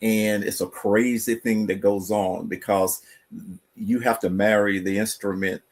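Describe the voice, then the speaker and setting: A man's voice: fairly low pitch, steady tone, a little slow. A man from North Carolina, a guest guitarist with a North Carolina accent, answering interview questions in an easygoing, thoughtful way.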